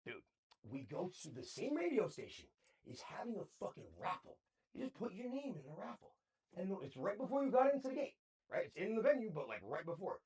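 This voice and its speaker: A man in his thirties chats on a podcast in a high, lively voice that leaps up and down as he gets worked up. He spins his stories with a steady stream of slang and casual swearing. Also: a little fast. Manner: excitable storyteller, heavy slang and swearing. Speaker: podcast co-host. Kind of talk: casual chat.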